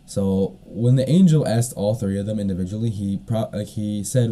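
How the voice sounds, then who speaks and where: A man's voice: fairly low pitch, normal speed, hardly any pauses, warm tone. A man hosting a solo podcast, retelling a story in a casual, rambling way with lots of fillers and the odd cough. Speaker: podcast host.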